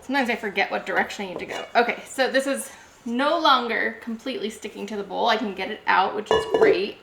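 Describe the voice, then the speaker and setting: A woman's voice: medium pitch, fast talker, creaky, very noisy. Chatty woman cooking in an echoey kitchen. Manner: chatty, talks herself through each step. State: out of breath. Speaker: home cooking vlogger. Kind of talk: casual cooking narration. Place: home kitchen.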